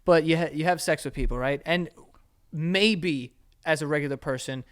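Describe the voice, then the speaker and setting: A man's voice: a little high, moderate pace, smooth. A man co-hosting a podcast, chatting casually and animatedly, laughing often and swearing freely. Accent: New York. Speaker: podcast co-host. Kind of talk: casual chat.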